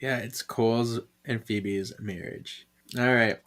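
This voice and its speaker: A man's voice: medium pitch, fairly even intonation, takes it slowly, fairly bright tone. Chatty man co-hosting a casual podcast. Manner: chatty, laughs often, thinks aloud. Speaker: podcast co-host. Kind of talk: casual chat recapping a comic.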